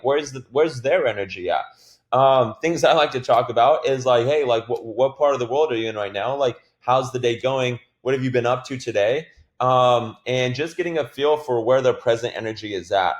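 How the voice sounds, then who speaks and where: In a roomy recording, a medium-pitched man delivers a laid-back but energetic sales training talk, filling it with "like" and the occasional swear word.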